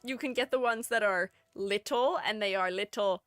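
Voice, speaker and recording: A woman's voice: mid-range voice, normal speed, a bit bright, no room sound, studio quality, soft background music. A woman streamer in casual livestream chat, playful and chatty, reading her viewers' messages aloud and answering them. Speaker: streamer ranking game character designs.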